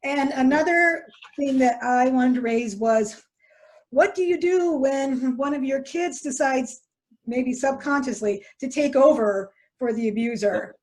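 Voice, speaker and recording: A woman's voice: sits high, measured pace. A woman hosting a podcast interview, chatty and casual, talking with fillers and restarts. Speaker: podcast host.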